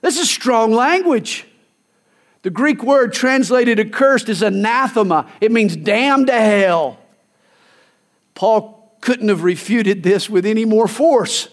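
A man's voice: sits high, slow pace. A male pastor preaching a sermon, emphatic, telling stories and acting out quoted lines. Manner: emphatic, storytelling with acted quotes.

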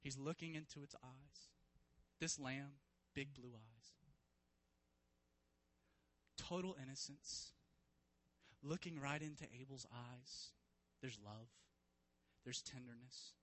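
A man preaching a sermon, retelling a story vividly and swinging from hushed to loud, emphatic passages. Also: medium pitch, slow pace, pauses often, low-quality recording. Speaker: pastor.

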